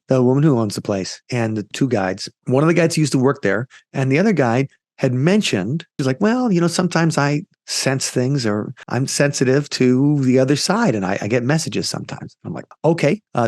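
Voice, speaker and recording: A man's voice: medium pitch, dry recording, studio quality. A man telling a ghost story in an interview, rambling with fillers and quoting the people in it. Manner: rambling, animated retelling with quoted voices and fillers. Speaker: ghost tour company founder, guest.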